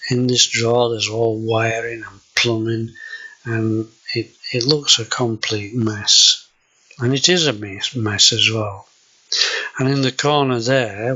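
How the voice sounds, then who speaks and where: A man's voice: medium pitch, sharp tone, breathy edge, poor audio. An older man with a Yorkshire accent, hesitantly walking viewers through his kitchen in a casual home video. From Yorkshire, England. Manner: slow, hesitant, with many fillers. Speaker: vlogger.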